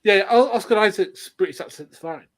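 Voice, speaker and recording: A man co-hosting a casual chat, halting, with frequent restarts. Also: high voice, crowd noise. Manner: halting, many restarts and fillers. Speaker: podcast co-host.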